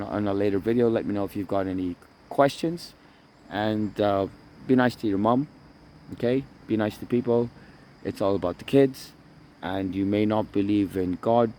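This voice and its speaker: Out by the water with a handheld phone camera, a vlogger from around Toronto delivers a casual outdoor monologue at normal speed. His voice is somewhat low and dark in tone, and he rambles, swears and repeats the same points. Slight background noise comes from faint outdoor sounds.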